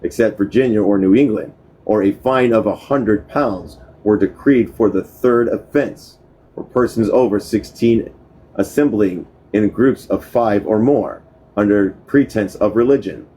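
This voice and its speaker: Low, mellow man reading aloud haltingly. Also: husky, rough recording. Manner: halting reading, restarts and corrects mispronounced words. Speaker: book reader. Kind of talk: reading a history book aloud.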